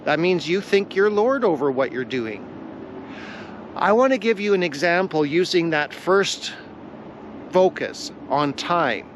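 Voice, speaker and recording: A man teaching a devotional lesson on a vlog, earnest and deliberate, repeating his key phrases for weight. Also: sits high, expressive, a little hiss or hum. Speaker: Bible teacher.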